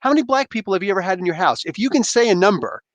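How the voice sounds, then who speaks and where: A man in his thirties hosting a casual livestream chat from home on a headset mic, rambling and animated with lots of fillers and restarts. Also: high-pitched, rapid-fire, dry recording, dull audio. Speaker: livestream host. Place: home room. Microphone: gaming headset.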